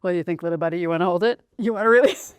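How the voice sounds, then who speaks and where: A woman's voice: on the low side, rapid-fire, clear, resonant tone, no room sound. A woman hosting a casual craft vlog, talking in a playful, self-mocking way. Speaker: channel host.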